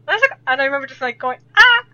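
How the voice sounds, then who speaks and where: A woman's voice: high-pitched, big pitch swings, rapid-fire, sharp tone. A young Irish woman telling a rambling story in casual chat, laughing often as a podcast guest. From Ireland. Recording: dull lo-fi audio.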